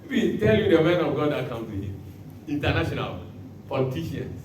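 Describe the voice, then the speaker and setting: A man preaching a sermon as pastor, bursting into shouts and acting out the words he quotes. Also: a little high, brisk, slight background noise. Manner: animated preaching with sudden shouts and dramatic quotes. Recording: echoey hall from far off.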